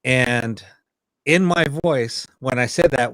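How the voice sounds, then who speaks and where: A man co-hosts a podcast as a paranormal investigator, telling a story in casual chat and animatedly acting out other people's quoted lines. His voice is medium-pitched and slow, caught on a low-quality recording with no echo.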